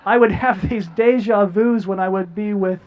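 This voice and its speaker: A man's voice: high voice, normal speed. A middle-aged man earnestly sharing a personal story as a guest, often repeating words as he goes. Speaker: guest speaker. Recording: dull lo-fi audio.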